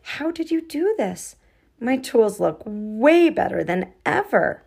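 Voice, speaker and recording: A woman voicing Kendall, a cheerful, inventive young girl, with high, excited exclamations. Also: moderate pace.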